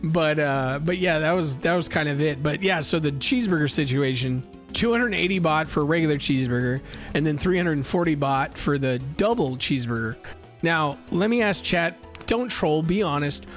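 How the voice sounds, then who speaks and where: Profane, animated man, high voice. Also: normal speed, faint music behind. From United States. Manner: animated and profane, acts out heated exchanges. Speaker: streamer. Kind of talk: casual live-stream chat.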